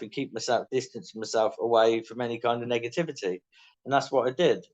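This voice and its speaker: A man's voice: medium pitch, a little mellow, highs cut off. Candid English man telling his story. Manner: candid, self-mocking, acts out quoted dialogue. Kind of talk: casual storytelling interview.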